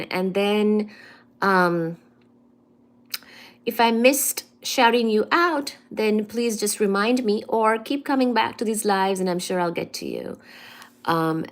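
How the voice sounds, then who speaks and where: A woman chats casually on a livestream, reading her chat and greeting viewers one after another by name. She speaks at a slow, unhurried pace in a medium pitch. Her delivery is soft and loose, with frequent ums and pauses.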